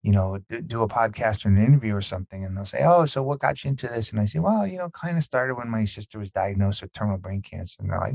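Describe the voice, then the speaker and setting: A middle-aged man speaks in a fairly low voice, earnest and animated as he tells personal stories and puts on the lines of the people in them. The sound is dry and close, with no room around it. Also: fast talker, vocal fry, hardly any pauses, no room sound. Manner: earnest, animated, acts out quoted dialogue. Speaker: podcast guest. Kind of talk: conversational storytelling.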